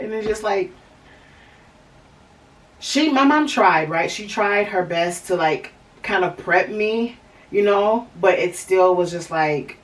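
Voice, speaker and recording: Woman hosting her podcast, lower voice, rambly story with lots of "like" and "you know", sits back from the mic a bit. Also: slow pace, distant mic, poor audio. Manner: rambling, many fillers and restarts. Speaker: podcast host. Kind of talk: candid personal storytelling.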